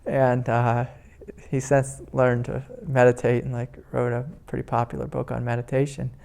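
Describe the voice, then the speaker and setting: Gravelly-voiced spiritual teacher, gentle and rambling. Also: male voice, medium pitch, completely flat delivery, moderate pace. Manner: gentle, rambling, many fillers. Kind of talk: talk at a meditation retreat. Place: indoor retreat meeting room.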